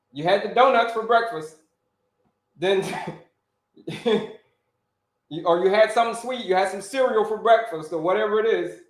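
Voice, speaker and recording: A man who grew up in Florida, hosting a casual live stream as a health coach, talking energetically, repeating himself and calling out to viewers. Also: high-pitched. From Orlando, Florida. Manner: energetic, repetitive, calls out to viewers. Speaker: health coach and livestream host. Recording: echoey room.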